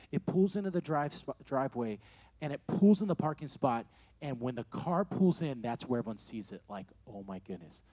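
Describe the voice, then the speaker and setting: High-voiced man in his forties preaching. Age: 40s. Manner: animated storytelling, repeats key phrases. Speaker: youth pastor. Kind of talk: sermon to young people. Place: room with a live audience.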